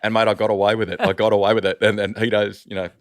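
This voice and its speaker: A middle-aged Australian man telling animated stories in a casual podcast chat, calling the host "mate" a lot. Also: lowish voice, very fast, no room sound, clean studio sound. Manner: animated storyteller, says "mate" often. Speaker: sports broadcaster, guest.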